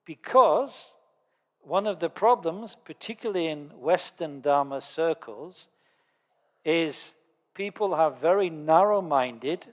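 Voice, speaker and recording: A man's voice: fairly high pitch, expressive, slow pace. Male Buddhist teacher in a reverberant hall. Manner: conversational storyteller with dry humour. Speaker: Buddhist lama teaching a course. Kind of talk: Dharma teaching lecture.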